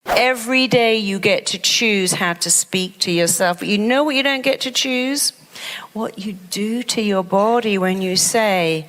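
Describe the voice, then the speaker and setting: A woman's voice: mid-range voice, measured pace, fairly bright tone. A woman therapist giving a motivational talk, wry and acting out her clients' voices. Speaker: therapist and speaker.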